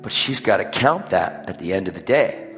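A man preaching a sermon, telling a story with lively swings between loud and hushed. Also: low voice, moderate pace, in a large hall, faint music behind.

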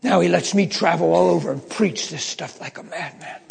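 A high-pitched man preaches with dramatic swings between hushed and loud passages. His voice carries a long hall reverb. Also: normal speed, gravelly, heavy background noise. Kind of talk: storytelling sermon.

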